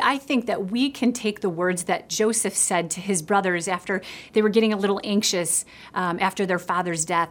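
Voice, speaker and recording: Middle-aged woman giving a sermon, earnest, goes soft and hushed for god's lines. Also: medium pitch. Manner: earnest, drops to a soft hush for God's words. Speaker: preacher.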